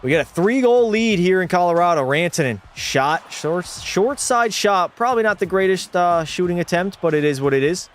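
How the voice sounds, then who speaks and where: A young man streaming a hockey video game live, commentating excitedly, swearing and chatting with viewers. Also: high-pitched, moderate pace, hardly any pauses.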